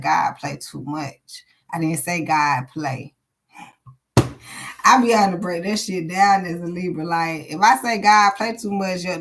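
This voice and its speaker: A woman's voice: low-pitched, gravelly, a bit bright. A woman, giving a live-streamed tarot reading and chatting bluntly with her viewers, with plenty of swearing. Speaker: tarot reader.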